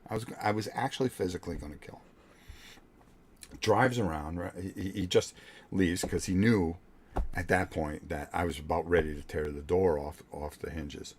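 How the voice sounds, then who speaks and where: An older man hosting a vlog, telling a blunt, profane story in a casual, animated way with many restarts. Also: low-pitched, normal speed, husky. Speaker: vlog host.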